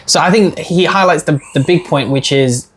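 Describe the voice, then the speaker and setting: A man's voice: fairly high pitch, moderate pace, fairly bright tone, husky. A man co-hosting a podcast, mostly chiming in with short agreement. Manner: agreeing, brief interjections. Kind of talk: casual podcast chat.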